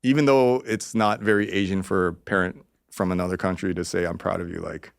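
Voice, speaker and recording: A man's voice: low voice, fairly even intonation, fairly quick, gravelly, smooth, no room sound, studio quality. A man in his forties, a podcast guest telling stories in a rambling, profane way, acting out quotes in a raised voice. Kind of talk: casual storytelling interview.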